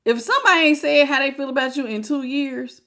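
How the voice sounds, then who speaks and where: A woman's voice: high-pitched, quick pace, pushed and bright. A woman hosting a live tarot reading. She talks frankly and folksily, greets viewers by name and calls them baby. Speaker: tarot reader.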